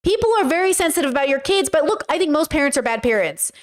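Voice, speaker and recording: A woman's voice: sits high, lively intonation, fast. A woman streaming casual commentary, talking bluntly and with profanity as she tells stories with animation.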